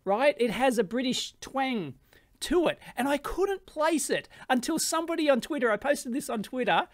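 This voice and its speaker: A man's voice: extremely high pitch, animated, normal speed, no room sound. A man with an Australian accent hosting an electronics video, talking casually and bluntly and laughing often. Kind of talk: casual commentary.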